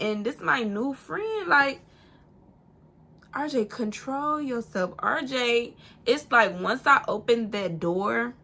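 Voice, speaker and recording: A young woman casually telling a personal story to camera, animated and profane, acting out what people said. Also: a little high. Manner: animated, swearing, acts out quotes in a raised voice. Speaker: storytime vlogger.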